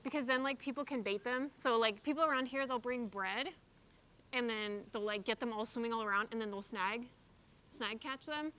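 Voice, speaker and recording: A young woman with a fairly high voice chats in a loose, rambling way. She is streaming from a windy park by a pond, talking into her phone camera and answering her chat between yoga poses. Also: fairly bright tone. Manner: chatty and rambling, reads out chat messages. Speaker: streamer doing yoga outdoors. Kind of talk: casual live-stream chat.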